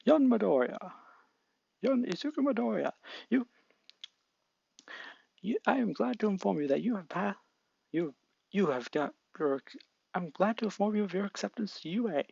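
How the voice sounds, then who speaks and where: A man voicing a booming, cheerful hero making a grand announcement. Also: lively intonation, normal speed, vocal fry, long pauses, a little mellow, breathy edge, dry recording, exaggerated voice. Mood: proclaiming. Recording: dull lo-fi mic.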